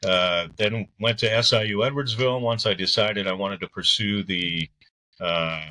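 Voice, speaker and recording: An older man from the Belleville, Illinois area, a guest telling stories in a relaxed, rambling way with fillers. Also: lowish voice, normal speed. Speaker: guest, arena PA announcer. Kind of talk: casual interview chat.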